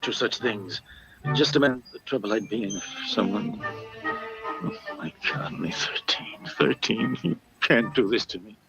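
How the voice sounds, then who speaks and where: A gravelly, dismayed master. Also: male voice, on the low side, normal speed. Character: anxious dismayed male master. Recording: dull lo-fi film audio with music.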